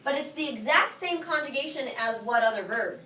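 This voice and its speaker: A high school Spanish teacher with a high, bright voice runs her class, briskly and expressively firing off questions and repeating her students' answers. She's recorded from across an echoey room, far from the mic, over a faint hum.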